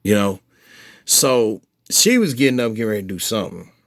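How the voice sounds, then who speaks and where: Low-voiced man telling a story, cursing freely. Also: fairly quick, no echo, studio quality. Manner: profane, animated retelling with heated quoted outbursts; frequent restarts and filler phrases. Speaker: vlogger updating followers. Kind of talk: casual storytelling to camera.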